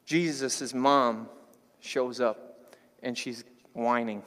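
A pastor with a mid-range voice preaches a sermon very slowly, his words carrying a big-room sound. He talks in a loose, conversational, animated way and jokes with the congregation.

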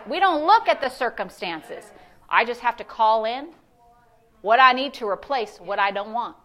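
A woman pastor preaching a sermon, animated and conversational, asking the congregation questions. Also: a little high, normal speed. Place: church service.

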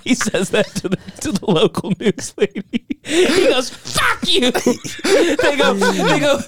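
A man's voice: extremely high pitch, big pitch swings, unhurried, heavy background noise. A man hosting a comedy podcast, riffing crudely and laughing often. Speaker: podcast host. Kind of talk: casual comedy chat.

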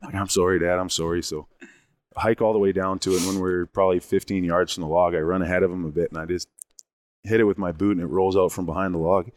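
A man casually telling a long story in an animated, rambling way, often restarting his sentences. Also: low-pitched, fast talker. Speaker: guest telling a hunting story.

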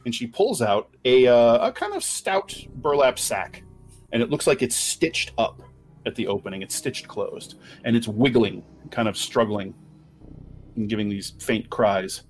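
A man narrating a tabletop game as game master, unhurried and expressive. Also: mid-range voice. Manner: unhurried, expressive, many fillers.

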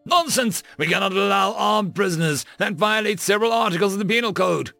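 A man voicing an outraged, pompous alien prison warden who shouts his orders. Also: sits high, brisk, creaky, no room sound, faint music behind, pitched above the performer's own voice, heavily acted. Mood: indignant. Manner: shouting, indignant.

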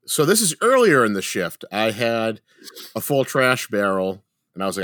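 A young adult man telling a story in casual, animated chat, swearing heavily and acting out what people said. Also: mid-range voice, moderate pace. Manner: animated, heavy swearing, acts out quotes. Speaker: podcast co-host telling a story.

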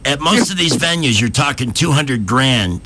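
A man's voice: mid-range voice, animated, normal speed, bright, forceful tone, slight background noise. A man hosting a talk radio show, trading blunt jokes and coaching a colleague. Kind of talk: casual on-air banter.

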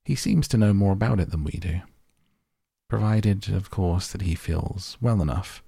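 A man voicing a gentle, thoughtful middle-aged father, speaking in a measured way. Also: sits low, creaky, husky, dry recording, clean studio sound, exaggerated voice.

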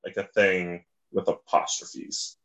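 A man's voice: sits low, steady tone, slow pace, a bit bright. A man chatting casually as a podcast guest, rambling with lots of restarts and fillers. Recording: slightly dull lo-fi audio.

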